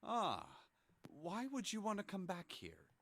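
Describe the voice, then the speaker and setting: A woman voicing a puzzled young man in a lowered voice, reading a game aloud. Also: wildly swooping pitch, a little slow, a bit bright, heavily acted.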